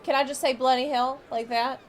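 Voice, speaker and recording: Chatty high-voiced woman streamer. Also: fairly even intonation, brisk, slight background noise. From United States. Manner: chatty, rambling, self-interrupting. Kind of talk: casual chat with stream viewers.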